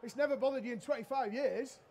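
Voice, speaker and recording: A middle-aged man, a chef giving a live cooking demonstration on a trade show stage and joking loudly with the crowd and his helpers. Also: very high voice, fast, slight background noise. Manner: cheeky, loud-mouthed joker. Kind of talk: live cooking demo with banter.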